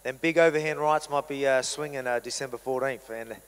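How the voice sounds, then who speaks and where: A man with an Australian accent, a fighter answering questions at a press event in a relaxed, joking way. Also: mid-range voice, fairly quick, clean tone, in a large hall. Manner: laid-back, joking, self-deprecating. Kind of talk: casual press conference answers.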